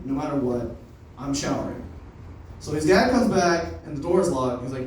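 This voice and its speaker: Lively young man doing stand-up. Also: on the high side, normal speed, slight background noise. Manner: loose, swearing, storytelling with laughs. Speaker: stand-up comic. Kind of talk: unrehearsed stand-up set. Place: comedy open mic room. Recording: echoey room from far off.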